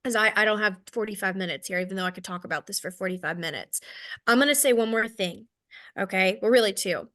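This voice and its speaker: A woman's voice: medium pitch, fast talker, fairly bright tone. A woman in her thirties with a Southern American accent, giving a casual, candid sales training talk, self-deprecating and checking in with "okay?" often. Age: 30s.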